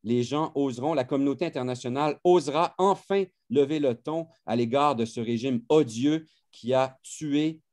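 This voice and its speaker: A man's voice: mid-range voice, brisk, hardly any pauses, a little mellow. A man speaking as a lawyer at a press conference, impassioned and openly emotional, switching between two languages.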